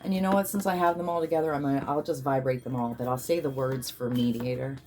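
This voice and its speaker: A woman's voice: a bass voice, steady tone, quick pace, a little mellow, slight background noise. A woman leading a guided healing session, chanting affirmations and commanding prayers, yawning at times. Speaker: spiritual healer and card reader.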